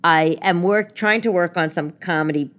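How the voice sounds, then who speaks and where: A woman's voice: lowish voice, normal speed, fairly bright tone. A middle-aged woman from New York hosting a casual solo podcast, rambling through comic stories and asides. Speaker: podcast host.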